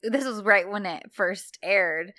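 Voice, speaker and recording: A woman co-hosting a casual podcast chat about a TV show, quick to agree and laugh along. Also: mid-range voice, pushed and bright, no room sound, clean studio sound. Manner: responsive, frequent short agreements and laughs. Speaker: podcast co-host.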